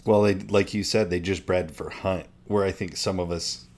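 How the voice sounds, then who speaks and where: A man's voice: sits low, steady tone, normal speed, a little mellow, slight background noise. A man co-hosting a podcast, trading friendly jokes and banter. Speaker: podcast co-host. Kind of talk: casual chat.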